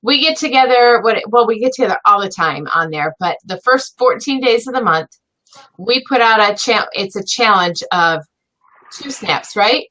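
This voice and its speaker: A woman's voice: mid-range voice, low-quality recording. An American woman with an Upper Midwestern accent, co-hosting a casual live-stream chat and telling stories with animation. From northern United States near Canada. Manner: animated storyteller, quick to laugh. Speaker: co-host.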